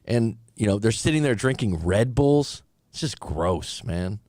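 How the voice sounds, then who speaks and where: A man, a relationship coach, giving casual commentary on clips, animated and chatty with quoted asides. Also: on the low side, measured pace, no room sound, clean studio sound.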